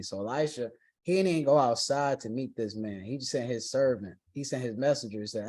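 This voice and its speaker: A man's voice: mid-range voice, fairly quick, a little mellow, dry recording. A man teaching a Bible study, reading scripture aloud and then retelling it in casual everyday slang.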